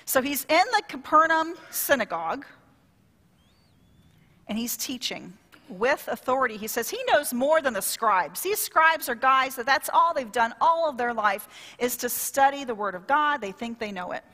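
A woman pastor preaching a sermon in a lively, conversational way, drawing call-and-response from the congregation. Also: sits high, moderate pace, big-room sound.

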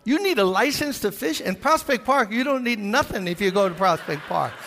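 Gravelly Brooklyn pastor telling a story. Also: male voice, sits high, fairly quick, few pauses. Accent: New York. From Brooklyn, New York. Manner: animated storyteller, acts out voices. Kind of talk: storytelling sermon. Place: large church. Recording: reverberant church hall.

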